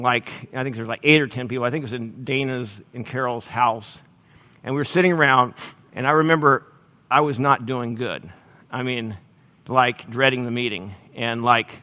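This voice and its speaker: A middle-aged male pastor preaching a sermon in a conversational, halting way, with restarts and self-deprecating humor. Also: mid-range voice, a bit bright. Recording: long hall reverb.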